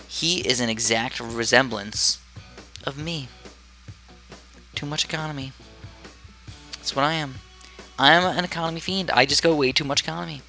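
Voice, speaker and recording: A man's voice: fairly high pitch, normal speed, pauses often, bright, forceful tone, faint music behind. A man chatting casually into a headset as he plays and comments on a tower defense game from his room, rambling and easily distracted. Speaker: gaming commentator.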